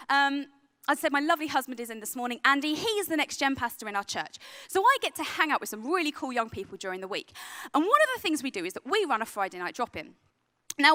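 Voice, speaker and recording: Earnest woman preaching, high voice. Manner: earnest, soft and hushed on heavy points. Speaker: youth worker and speaker. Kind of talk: sermon. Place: event venue.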